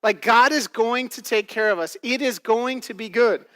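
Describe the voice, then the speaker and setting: A man's voice: very high-pitched, moderate pace, a bit bright, long reverb tail. A man preaching a casual, conversational sermon to his church, full of fillers and frequent "right?" check-ins. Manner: casual, filler-heavy, keeps asking "right?". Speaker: pastor. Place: church auditorium.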